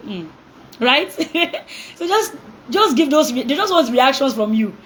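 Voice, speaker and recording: A young woman coaching parents in an animated talk, acting out reactions, laughing often and asking call-and-response questions. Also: high voice, fairly quick, slight background noise, poor audio.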